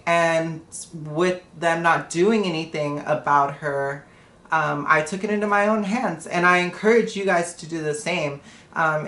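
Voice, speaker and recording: A woman's voice: deep voice, fairly bright tone, echoey room. A woman telling a story on a live stream in a blunt, profane, casual way. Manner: blunt and profane, retelling a confrontation.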